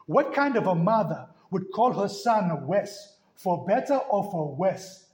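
A man's voice: high-pitched, sing-song, unhurried, darkish tone, reverberant. A preacher doing an incredulous jovial man. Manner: exclaiming, incredulous. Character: jovial adult man puzzled by a name.

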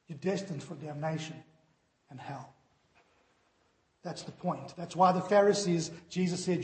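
A man's voice: a little high, moderate pace. A man preaching a sermon earnestly, his voice sinking solemn on warnings, in a church hall. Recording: echoey hall.

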